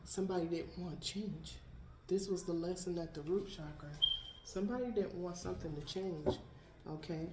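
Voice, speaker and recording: A woman's voice: lowish voice, normal speed. A woman doing a casual tarot card reading, chatting and talking to her pets between cards. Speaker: tarot reader. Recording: echoey room, faint noise.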